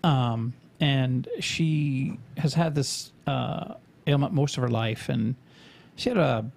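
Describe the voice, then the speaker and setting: A man's voice: mid-range voice, slow pace, gravelly, a little mellow. A man co-hosting a podcast, chatting casually in a rambling, profane, joking way. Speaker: podcast co-host.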